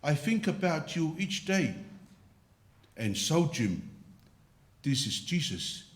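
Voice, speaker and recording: A man speaking as Jesus, a tender divine friend, in slow, gentle words. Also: fairly high pitch, sing-song. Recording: roomy church reverb.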